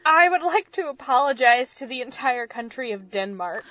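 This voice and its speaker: A woman co-hosting a podcast in casual chat, with dry, deadpan humor. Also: fairly high pitch, normal speed, dull audio, soft background music. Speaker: podcast co-host.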